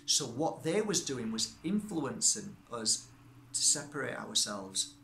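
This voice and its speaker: Bright-voiced chatty male energy healer. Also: mid-range voice, very animated, unhurried, creaky, a little hiss or hum. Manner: chatty, checks in with listeners. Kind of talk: casual instructional talk and personal storytelling.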